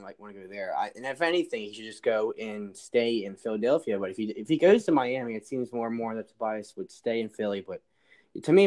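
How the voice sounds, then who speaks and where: A man's voice: medium pitch, a little mellow. A man talking as a guest in a casual sports chat, giving strong opinions and repeating his points.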